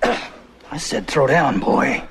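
A gravelly, taunting gunslinger. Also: male voice, on the high side, noisy background, heavily acted. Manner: calm, slow, taunting. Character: cool, taunting male gunslinger. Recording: film audio over loud music.

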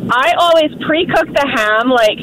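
Lady calling into the radio, dry delivery, high voice, noisy line behind her. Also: expressive, unhurried. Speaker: caller. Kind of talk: phoned-in chat.

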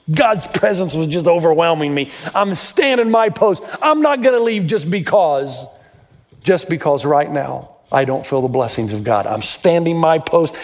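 A middle-aged pastor with a fairly high voice preaches through lively, theatrical storytelling, his words ringing in a long hall reverb. Raised in Tennessee, he turns family tales into sermon points, his pitch leaping up for quoted voices.

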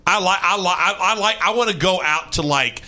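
A young man from Kentucky co-hosting a sports talk radio show, ranting and excitable, quick to shout. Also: high voice.

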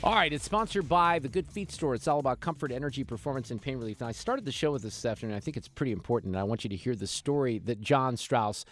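A man's voice: mid-range voice, quick pace, hardly any pauses, a bit bright, no echo, soft background music. A man hosting a talk radio show, giving opinionated commentary in a sarcastic, mocking way.

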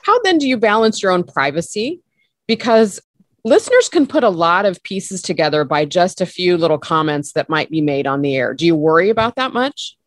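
A woman asks measured, inquisitive interview questions, with her pitch rising and falling freely. The sound is dry and close, with no room around it. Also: expressive, no echo.

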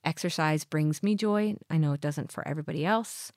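Earnest woman coaching, low dry voice. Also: fairly quick, a little mellow, dry recording. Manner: earnest, coaching, full of rhetorical questions. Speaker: podcast host. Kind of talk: motivational podcast talk.

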